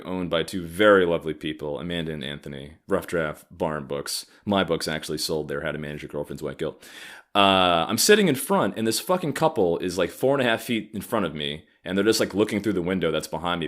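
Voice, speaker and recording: Angry, profane ranting man. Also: sits low. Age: 30s. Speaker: comedian podcast host. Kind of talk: ranting comedic monologue.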